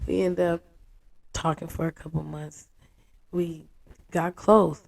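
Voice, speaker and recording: A low, husky woman's voice, mellow and dark in tone. She tells her story frankly and with animation, acting out quotes in a casual interview. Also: little pitch movement, slow, pauses often. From United States.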